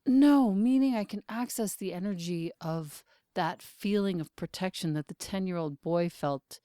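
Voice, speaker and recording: Low-voiced woman podcast host, dry sound. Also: normal speed, warm tone, no echo. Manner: candid, reflective, thinks aloud. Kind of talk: conversational interview.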